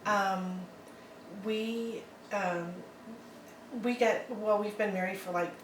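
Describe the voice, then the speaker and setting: A middle-aged woman, an adoptive mother appearing as an interview guest, talks casually and rambles, hesitating often with lots of ums and likes and laughing frequently. Her mid-range voice is recorded far from the mic, giving it a roomy echo over a faint hum of ambience.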